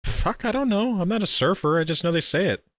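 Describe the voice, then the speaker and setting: A man's voice: sits high, expressive, fast talker, no echo. A man from California co-hosting a podcast, teasing and playful in casual chat. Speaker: podcast co-host.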